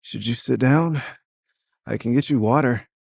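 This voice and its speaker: A man's voice: mid-range voice, a little slow, gravelly, a little mellow, slightly rough, no room sound, voice pushed up. A man voicing a flustered, defensive young man who stammers in an audio drama.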